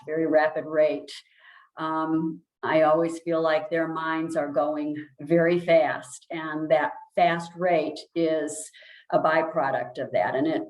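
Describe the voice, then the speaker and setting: A woman speech language pathologist giving a calm, explanatory presentation, with many ums and restarts. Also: low-pitched, roomy sound, rough recording. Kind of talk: informal presentation.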